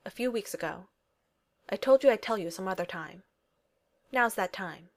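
A woman's voice: medium pitch, lively intonation, normal speed, lightly acted. Woman reading a wisecracking male inventor, confident and flippant, mid-range. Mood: wry. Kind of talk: audiobook reading of fan fiction.

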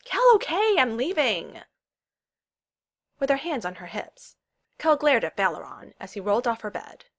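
A woman reading a storybook aloud, giving the characters' lines their own voices. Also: gravelly. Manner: reads narration evenly and voices the characters' lines with lively pitch jumps. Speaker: audiobook reader. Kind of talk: storybook narration.

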